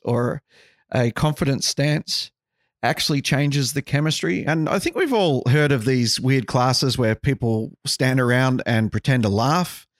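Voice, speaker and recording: A man's voice: mid-range voice, no room sound, studio quality. A man hosting a podcast, talking through ideas in a casual, wry and musing way with sarcastic asides. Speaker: podcast host.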